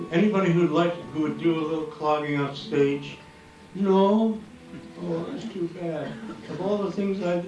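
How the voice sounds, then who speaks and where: A man talking to a live audience between folk songs, in rambling, wry stage banter broken by fillers and jokes. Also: mid-range voice. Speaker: folk musician. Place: live concert venue with audience. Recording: roomy, distant live concert recording.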